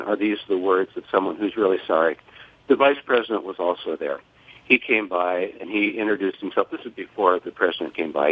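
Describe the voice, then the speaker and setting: An older man speaking in a measured, formal way as a guest on a phone interview. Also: deep voice. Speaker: guest, father of a fallen soldier. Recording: tinny phone line.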